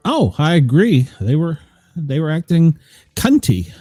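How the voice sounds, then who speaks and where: A man's voice: a little high, sing-song, unhurried, warm tone, no echo, soft background music. A man co-hosting a casual reality-show recap, gossipy and retelling scenes with quoted lines. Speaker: podcast co-host.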